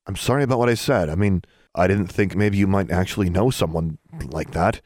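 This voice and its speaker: Man voicing a teen boy, pleading, raised voice, rushed, dry sound. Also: sits low, darkish tone, no echo. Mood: apologetic. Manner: pleading, hurried. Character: pleading teenage schoolboy.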